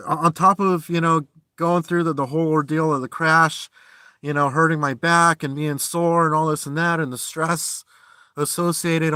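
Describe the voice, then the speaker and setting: A man live-streaming from inside his van, ranting angrily and swearing, his voice swinging between loud outbursts and low, tired muttering. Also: clean tone, dry recording. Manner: heated and profane, swings from shouting to low muttering. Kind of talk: angry live-stream rant.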